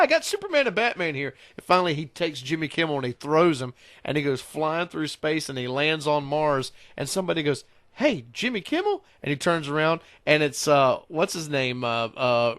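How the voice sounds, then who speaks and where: A man hosting a casual show, an animated storyteller who rambles. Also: on the high side, moderate pace, hardly any pauses, dry recording. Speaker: podcast host. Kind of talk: casual chat.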